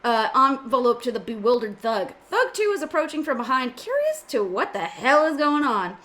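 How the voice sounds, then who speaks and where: A woman narrates the stage directions of a script in a casual amateur reading and drops in offhand jokes. Her voice is bright and a little high, and her pitch moves a lot. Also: sing-song, moderate pace, a little hiss or hum. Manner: reads directions with joking asides.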